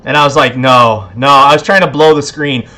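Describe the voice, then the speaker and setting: Pria tipsy yang santai memandu siaran langsung. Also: male voice, on the high side, fairly even intonation, brisk, bright, forceful tone. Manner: tipsy, laid-back, laughing often. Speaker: livestream host. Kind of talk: casual livestream chat.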